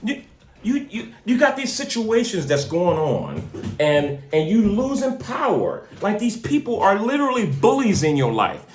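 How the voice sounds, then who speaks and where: Man, preachy podcast host, street slang, lively pitch, roomy echo. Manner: energetic, exhorting, street slang, repeats words. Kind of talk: preaching-style podcast talk. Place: in a car.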